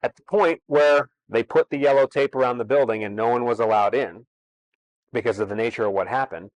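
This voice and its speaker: Male seminar presenter, mid-pitched, emphatic, dry close sound. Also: a little fast, no room sound, low-quality recording. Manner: emphatic, conversational, explains step by step. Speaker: real estate seminar presenter. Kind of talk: explanatory seminar talk.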